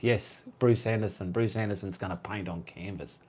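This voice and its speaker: A man's voice: fairly low pitch, normal speed, darkish tone, breathy edge. An Australian man hosting a casual live-stream Q&A, chatting and reading viewer comments aloud in a rambling way.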